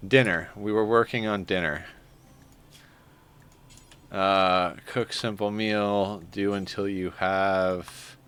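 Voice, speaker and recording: A man's voice: deep voice, fairly even intonation, slow, pauses often, a bit bright, clear, resonant tone. A man chatting casually on a live game stream, rambling and easily flustered. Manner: rambling, flustered, self-deprecating. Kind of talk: casual live-stream chat while playing.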